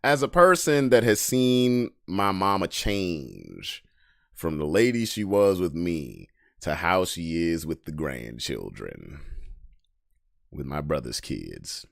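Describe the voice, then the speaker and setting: Low-voiced man ranting on a podcast, dry mic. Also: big pitch swings, slow, gravelly, dry recording. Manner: swings from low mutters to loud mocking rants; blunt and profane, with short laughs. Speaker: podcast host reading memes. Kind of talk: casual live-stream commentary.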